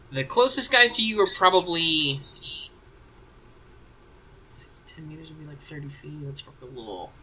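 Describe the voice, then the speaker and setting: A man runs a tabletop game as game master, and his voice is strikingly bright and sharp. His pitch sits in an ordinary middle range. He narrates casually and rambles as he thinks aloud. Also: low-quality recording.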